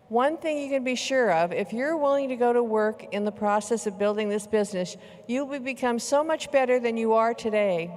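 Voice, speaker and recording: Older woman, high-ish voice, emphatic motivational keynote, arena reverb. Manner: emphatic, slow measured repetitions. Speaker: keynote speaker. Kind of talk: motivational convention speech. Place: large convention arena. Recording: long hall reverb in arena.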